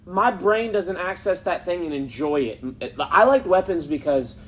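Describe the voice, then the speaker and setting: A man's voice: high voice, animated, normal speed, fairly bright tone. A man co-hosting a podcast in casual chat, rambling and cutting himself off as he talks. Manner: rambling, self-interrupting, easily spooked. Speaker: podcast co-host.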